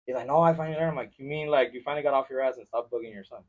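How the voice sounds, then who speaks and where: A man hosting a podcast in casual chat, mixing English and as he tells animated stories. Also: medium pitch, racing. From Mexico-Texas border region. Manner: switches between English and Spanish, animated storytelling. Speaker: podcast host. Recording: lo-fi podcast recording.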